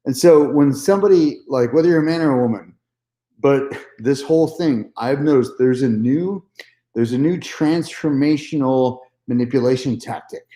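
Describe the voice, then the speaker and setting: Guy venting about a date, mellow voice, candid and sweary, echoey room. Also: mid-range voice, normal speed. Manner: candid, swears freely, repeats himself. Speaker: vlogger. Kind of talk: casual storytelling monologue.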